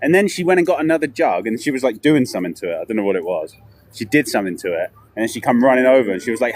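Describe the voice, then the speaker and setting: Man, streaming while he walks city streets. Lively, rambling storyteller, faint traffic under him. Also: mid-range voice, quick pace. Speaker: vlogger. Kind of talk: casual walking live stream. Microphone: handheld camera while walking.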